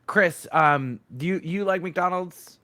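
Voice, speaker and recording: A man's voice: sits high, pushed and bright, dry recording. Joking man co-hosting a podcast. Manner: joking, quick plugs. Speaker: podcast co-host. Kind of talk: casual comedic chat.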